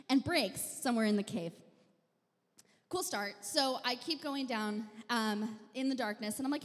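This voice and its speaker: A young woman telling a funny personal story on stage in a wry, self-mocking, deadpan way. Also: a little high, unhurried. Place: live venue stage. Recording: long hall reverb.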